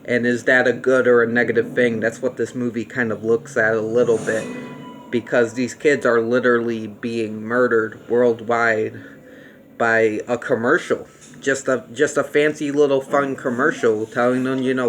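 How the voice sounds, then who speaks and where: A young man giving a casual spoken movie review, rambling with many fillers and restarts and getting excited about what he likes. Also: medium pitch, moderate pace.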